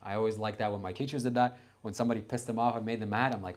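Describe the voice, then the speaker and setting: A man's voice: fairly low pitch, very fast, hardly any pauses. A young man from Canada in his late teens, answering his livestream chat in a blunt, confrontational, self-assured way.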